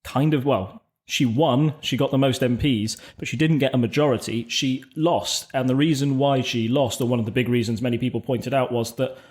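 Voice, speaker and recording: A man co-hosting a podcast, explaining political events in a measured, conversational way with frequent restarts. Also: medium pitch, steady tone, darkish tone. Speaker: podcast co-host. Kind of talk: casual political discussion.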